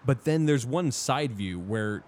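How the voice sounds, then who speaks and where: A man's voice: medium pitch, animated, a little slow, a little mellow, slight background noise. A man chatting casually as co-host, laid-back and swearing. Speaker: podcast co-host. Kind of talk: casual chat.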